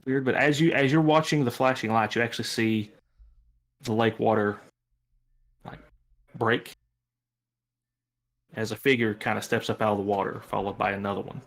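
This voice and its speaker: A man acting as game master for a tabletop game describes scenes in a relaxed, rambling way full of fillers. His voice is lowish at normal speed, and he takes long pauses.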